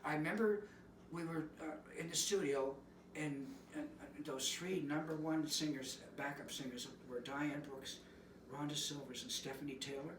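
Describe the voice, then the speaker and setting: Brief: musician man, rambling storyteller, slightly high voice, roomy and off-mic with background noise. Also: fairly even intonation, normal speed, few pauses. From East Coast. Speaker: musician guest. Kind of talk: storytelling in casual interview. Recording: roomy, distant mic, noisy.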